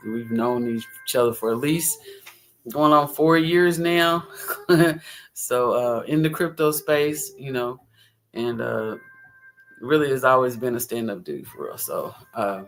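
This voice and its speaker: A woman's voice: rumbling low, unhurried, slight background noise. A woman hosting a casual crypto livestream, chatty and rambling, often giggling.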